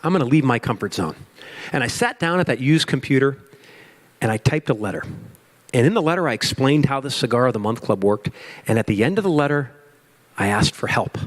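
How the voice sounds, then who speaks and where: Animated man telling a business story. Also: medium pitch, a little fast. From Chicago. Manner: animated, acts out his own panic and quotes; asks the audience questions. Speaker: speaker at a business forum. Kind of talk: storytelling keynote talk.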